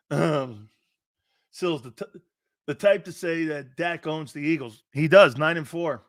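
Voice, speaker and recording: A man's voice: fairly high pitch, slow, pauses often. A middle-aged man hosting a sports talk show, a brash, laughing trash-talker telling stories.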